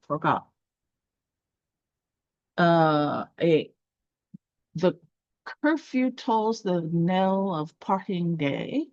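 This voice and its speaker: A woman's voice: lowish voice, creaky, no room sound. A woman teaching a poetry class, explaining step by step with fillers and restarts. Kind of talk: online lesson. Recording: dry, dull lo-fi sound.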